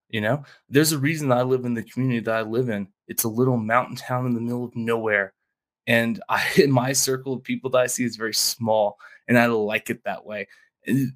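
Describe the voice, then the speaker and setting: Blunt, profane podcast man, middle pitch. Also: fairly bright tone. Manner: blunt, profane, acts out quoted voices, laughs often. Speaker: podcast co-host. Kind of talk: casual political podcast chat. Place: small mountain town home studio.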